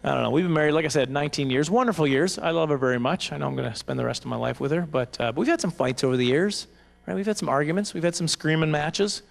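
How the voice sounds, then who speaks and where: A man in his forties doing animated, self-mocking stand-up comedy at a banquet, on a handheld microphone. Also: a little high, quick pace, gravelly. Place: banquet hall stage.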